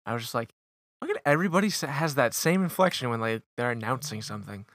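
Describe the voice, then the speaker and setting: Podcast guy reading stuff out, trips on words, swears a lot, bright dry sound. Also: mid-range voice, lively intonation, fast talker, no echo. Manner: swears casually, stumbles over words while reading. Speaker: podcast co-host. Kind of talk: casual podcast chat and reading aloud.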